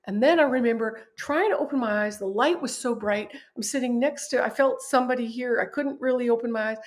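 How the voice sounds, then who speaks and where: A woman guest on a podcast, telling a personal story in a vivid, animated way and often laughing at herself. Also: on the high side, a little fast. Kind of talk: personal storytelling in a conversational interview.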